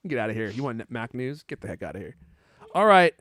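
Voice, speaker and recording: A man's voice: medium pitch, very animated, quick pace, a bit bright, no echo, studio quality. A man hosting a podcast, teasing his co-hosts and laughing often. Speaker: podcast host. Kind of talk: casual chat.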